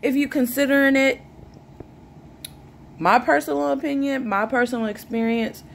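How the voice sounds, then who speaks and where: A woman's voice: high-pitched, steady tone, normal speed, creaky, slight background noise. A woman, chatting casually and jokingly to her viewers. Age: 20s. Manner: chatty, joking, sips a drink while talking. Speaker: vlogger. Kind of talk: casual chat to camera.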